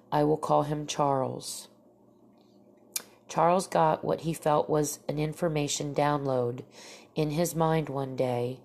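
A woman's voice: low voice, creaky, darkish tone. A woman telling strange accounts aloud in a plain, matter-of-fact way, with dry asides. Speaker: storyteller.

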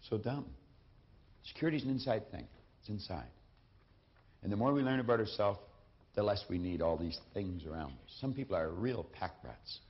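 A man giving a motivational lecture from a lectern, speaking emphatically and repeating his key phrases. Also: fairly low pitch. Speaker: seminar speaker. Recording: dull lo-fi recording.

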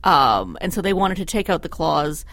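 A woman columnist chats on a panel with animated, theatrical storytelling, often restarting her sentences. Her pitch swoops widely as she talks. The studio sound is close and dry. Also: moderate pace, dry recording. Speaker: political columnist guest. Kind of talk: casual panel chat.

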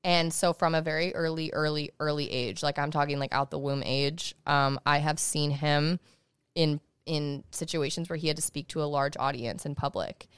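A young woman, a law student guest on a podcast, talking fast and emphatically in casual conversation as she gives advice. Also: deep voice, steady tone, a bit bright, clear, resonant tone, no room sound.

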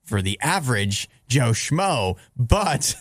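A man's voice: medium pitch, very animated, slow pace, no room sound, clean studio sound. A man hosting a radio show, bantering playfully and teasing his co-hosts. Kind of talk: casual banter.

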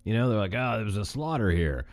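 A man's voice: lowish voice, fast talker, no room sound. A man co-hosting a podcast in casual chat, telling stories with emphatic energy. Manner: animated, emphatic storytelling. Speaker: podcast co-host.

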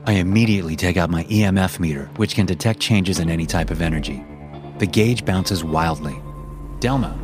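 A man with a very deep, low voice reads a scripted horror story at a slow, suspenseful pace. He builds dread line by line as the channel's host, with soft music faint underneath.

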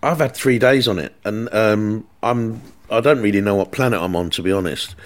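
A man's voice: fairly low pitch, normal speed. A man hosting a podcast, chatting and prompting guests with tag questions. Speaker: podcast host. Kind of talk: casual podcast chat.

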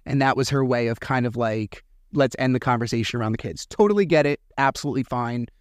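A man's voice: mid-range voice, fast, dry recording, studio quality. A man in his thirties hosting a podcast, casually retelling a story and acting out the quoted dialogue. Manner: chatty, retells dialogue with animated quoted voices. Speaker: podcast host.

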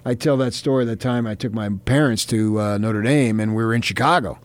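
A man's voice: medium pitch, fairly quick, no echo. A man co-hosting a sports talk show, telling stories in a rambling way with many fillers. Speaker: sports reporter and co-host. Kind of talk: casual chat.

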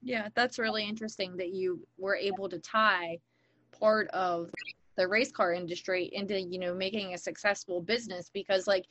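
A woman's voice: medium pitch, fairly even intonation, normal speed, fairly bright tone, no room sound, dull audio. A woman interviewing a guest in a casual, chatty way, with frequent filler words.

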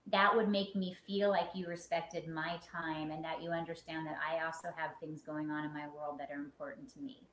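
A woman therapist calmly explaining relationship boundaries in a conversation, often checking that she is understood. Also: low voice, moderate pace, few pauses. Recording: echoey room with faint noise.

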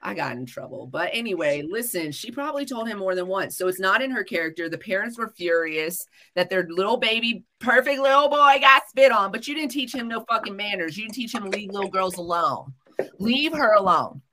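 A woman's voice: medium pitch, animated, brisk, few pauses, a bit bright. A young woman telling a story in a casual podcast chat, blunt and full of profanity. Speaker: podcast co-host.

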